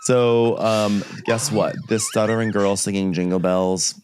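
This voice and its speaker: A man's voice: fairly low pitch, steady tone, a little slow, darkish tone, smooth. A man co-hosting a comedy recap podcast, chatty and joking as he retells scenes. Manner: chatty, acts out characters in quotes. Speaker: podcast co-host. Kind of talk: casual comedic recap chat.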